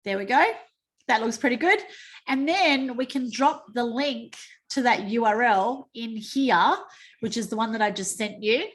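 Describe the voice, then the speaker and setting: An Australian woman hosting a team training call, chatty and quick to joke at her own typing slips. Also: a little high. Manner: chatty, self-mocking, exclaims over slips. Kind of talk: screen-share training call. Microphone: video call.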